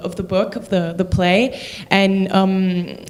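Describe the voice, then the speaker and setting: A woman's voice: medium pitch, little pitch movement, slow pace, a little mellow. A woman from Quebec with a French Canadian accent, an actor chatting about her role in a stage play and laughing often. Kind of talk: interview chat.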